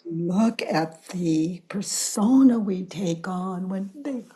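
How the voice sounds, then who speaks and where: An older woman facilitating a self-inquiry session, calm and deliberate, often dropping to a whisper. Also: medium pitch, breathy edge. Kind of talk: slow guided inquiry dialogue.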